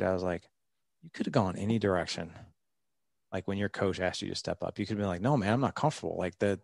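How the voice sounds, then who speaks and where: A man's voice: fairly low pitch, gravelly, no echo, studio quality. A man in his forties, a podcast guest, talking earnestly and rambling a little, with many fillers and restarts. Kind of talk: candid interview storytelling.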